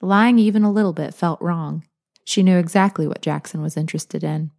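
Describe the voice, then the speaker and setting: A woman narrating a novel as an audiobook, in a calm, even manner. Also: fairly low pitch, brisk, gravelly. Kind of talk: scripted narration.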